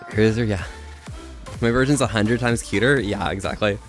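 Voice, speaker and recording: Rambling, energetic young male streamer. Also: lowish voice, normal speed, faint music behind. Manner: energetic, rambling, laughs at himself. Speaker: livestreamer. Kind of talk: casual live-stream chat.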